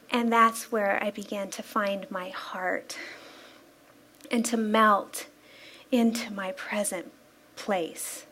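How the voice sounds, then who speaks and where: A woman, a spiritual practitioner, giving an inspirational sermon-style talk in a church, telling stories in a lively, playful way and laughing often. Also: medium pitch, takes it slowly, pauses often, slight background noise. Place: church sanctuary.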